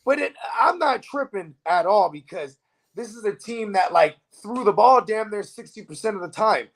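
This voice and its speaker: Man, fantasy football co-host, high voice, casual and profane, rambling. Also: expressive, moderate pace, a bit bright. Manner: loose, profane, keeps asking "you know what I mean". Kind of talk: casual live-stream sports chat.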